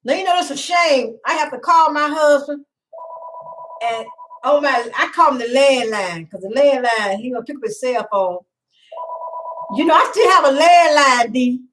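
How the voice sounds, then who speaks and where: A woman's voice: high voice, lively intonation, moderate pace, a bit bright, slight background noise, low-quality recording. A middle-aged woman hosting a casual home live stream, rambling and chatty, greeting viewers by name and laughing often. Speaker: livestream host.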